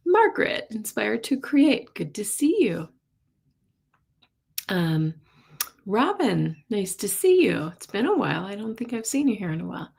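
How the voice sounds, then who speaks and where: Slow-talking woman hosting a live chat. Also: medium pitch, breathy edge. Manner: greets viewers one by one by name, chatty, laughs often. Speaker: psychic reader hosting a live stream. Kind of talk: casual live-stream chat.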